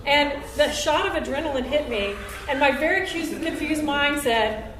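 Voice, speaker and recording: A woman telling a story on stage at a live show, acting out what people said with big jumps in pitch and loudness. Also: moderate pace, noisy background. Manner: animated, acts out quotes with big jumps in pitch and volume. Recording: roomy live venue, recorded from a distance.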